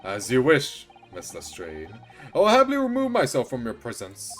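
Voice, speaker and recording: A man voicing a pompous, eccentric gentleman detective from a video game, with grand formal delivery. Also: mid-range voice, huge pitch swings, normal speed, faint music behind. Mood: grandiose.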